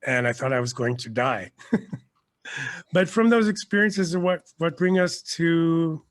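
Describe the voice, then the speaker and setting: A man's voice: a little high, measured pace. A man from Canada, an actor and teacher, telling long rambling stories as a podcast guest. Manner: rambling storyteller, lively, often restarts. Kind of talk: casual podcast interview.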